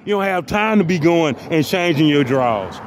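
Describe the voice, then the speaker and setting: A man's voice: on the high side, animated, moderate pace, slight background noise. A man delivering a profane, mock-motivational comic rant that loops back on the same phrases. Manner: mock-motivational, repeats phrases, heavy cursing.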